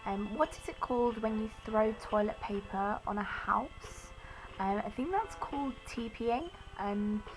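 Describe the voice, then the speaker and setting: A woman's voice: medium pitch, low-quality recording. A young woman from Norwich, sick with a cold, chatting hesitantly through a challenge video with lots of ums. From Norwich, England. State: ill with a cold. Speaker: vlogger. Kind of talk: casual accent challenge video.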